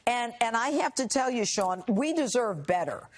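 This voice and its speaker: Animated indignant woman. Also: on the high side, moderate pace. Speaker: guest. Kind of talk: cable news interview.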